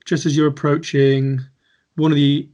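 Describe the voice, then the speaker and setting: A man's voice: a little high, little pitch movement, normal speed, darkish tone, muffled recording. A young man co-hosting a podcast, chatting casually and asking dry follow-up questions. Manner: easygoing, encouraging backchannel, dry questions. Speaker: podcast co-host. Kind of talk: casual chat over beers.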